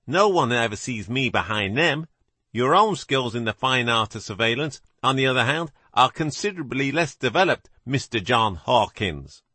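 A man's voice: medium pitch, lively intonation, moderate pace, bright, forceful tone, breathy edge, dry recording. A man voicing a composed older actor posing as the great detective, speaking with a British accent in a dry, precise manner. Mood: cool, assured.

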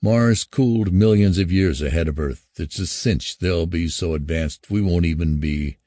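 A man reading the lines of an excitable male space crewman. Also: low voice, normal speed, no room sound, clean studio sound. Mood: eager. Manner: eager, then relieved.

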